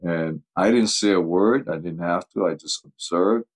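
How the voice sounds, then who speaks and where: Deep-voiced older man telling stories. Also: moderate pace, rough recording. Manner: animated anecdotes, acts out quoted voices, laughs often. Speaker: football coach guest. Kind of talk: casual storytelling interview.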